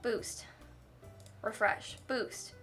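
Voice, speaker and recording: A woman livestreamer in casual chat, rambling and quick to laugh as she thanks viewers. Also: a bit bright. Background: faint music.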